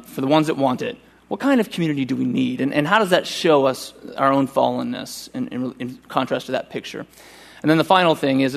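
Delivering a sermon during a church service, this male pastor has a medium-pitched voice with some vocal fry. His tone is earnest and urgent, though he eases into a slower, deliberate pace for scripture readings.

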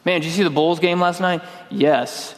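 A man's voice: a little high, steady tone, moderate pace. Man preaching in a reverberant hall. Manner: conversational, storytelling, acts out his own yelling. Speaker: pastor. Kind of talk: sermon with personal story.

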